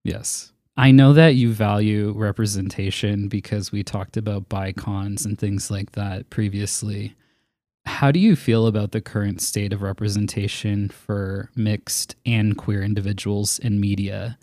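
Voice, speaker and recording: A man's voice: on the low side, fairly even intonation, a little slow, dark tone, no room sound, clean studio sound. A man hosting a podcast in casual conversation, candid and blunt, who swears freely. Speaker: podcast host.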